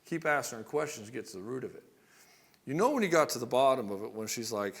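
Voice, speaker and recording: A blunt, middle-aged male relationship coach talks straight to the listener in a casual monologue, swearing freely and slipping into the voices of quoted arguments. His pitch sits in the ordinary male middle. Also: animated, fast, vocal fry, breathy edge.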